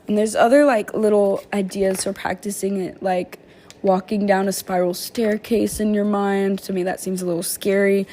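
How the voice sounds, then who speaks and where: Woman calmly reading guided meditation steps. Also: medium pitch. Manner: slow calm reading broken by casual offhand asides; informal fillers and slang like "um", "like", "y'all". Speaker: vlogger sharing therapy skills lessons. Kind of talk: casual vlog, reading guided meditation passages aloud.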